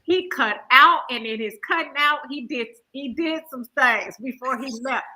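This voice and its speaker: A woman with a bright voice, a little higher than most, talks through scripture in a lively, emphatic way. She throws in exclamations and laughter as she talks. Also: normal speed, poor audio. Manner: animated, emphatic, hollers with laughter. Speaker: host. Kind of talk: casual Bible discussion.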